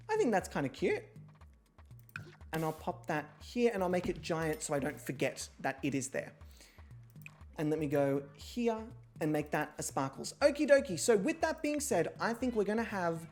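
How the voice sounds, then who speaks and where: A woman hosting a livestream, chatting casually, swearing freely and poking fun at herself, with sudden loud excited outbursts. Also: mid-range voice, normal speed, soft background music. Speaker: streamer hosting an online reality show.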